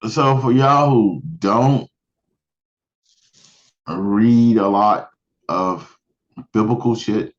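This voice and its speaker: A man's voice: on the low side, very slow, pauses often. Offhand man on a dull mic. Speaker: podcast co-host. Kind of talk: casual chat.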